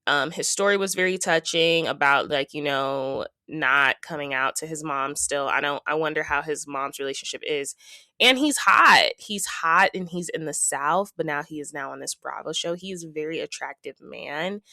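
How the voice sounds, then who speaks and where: Woman podcast host, low bright voice, chatty gossip recap, dry close mic. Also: steady tone, moderate pace, hardly any pauses, no room sound. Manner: chatty, gossipy, quotes people in playful asides. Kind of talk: casual reality TV recap.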